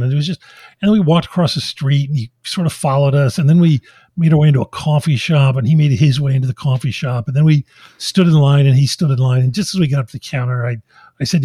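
A man's voice: mid-range voice, husky, dry recording. A man co-hosting a podcast, telling a story in casual chat and acting out the people he quotes. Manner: animated storyteller, laughs often, acts out quoted voices. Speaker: podcast co-host.

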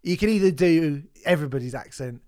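A man's voice: fairly high pitch, animated, quick pace, darkish tone. A man, co-hosting a podcast in casual chat, rambling and laughing often. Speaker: podcast co-host.

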